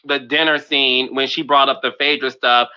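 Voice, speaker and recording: Sassy man with a bright, sharp voice. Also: mid-range voice, flat delivery, normal speed, smooth, poor audio. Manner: playful, sassy, coaxing. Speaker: podcast host and producer. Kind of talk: casual podcast conversation.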